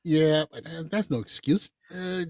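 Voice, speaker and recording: A man co-hosting a podcast, talking casually about films in a blunt, profane, animated way. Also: fairly high pitch, a little slow, no room sound. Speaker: podcast co-host. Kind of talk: casual film chat.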